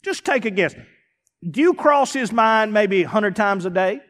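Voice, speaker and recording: A man, a pastor preaching a sermon to a congregation in a church, emphatic and building to shouts. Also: high voice, expressive, moderate pace. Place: church sanctuary before a congregation.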